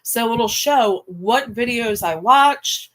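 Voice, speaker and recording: A woman's voice: fairly high pitch, takes it slowly, fairly bright tone, rough recording. A middle-aged woman with a Baltimore accent hosting a casual livestream, blunt and profane, talking straight to her chat. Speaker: livestream host.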